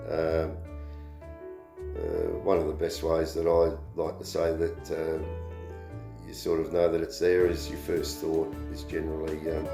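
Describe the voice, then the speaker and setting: A man hosting a rambling casual talk, halting and full of ums and uhs. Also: very deep voice. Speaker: host.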